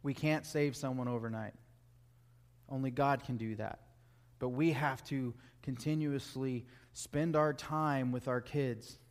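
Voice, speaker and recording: A man's voice: mid-range voice, fairly even intonation, measured pace. Earnest man preaching a sermon. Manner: earnest, emphatic preaching with repeated phrases.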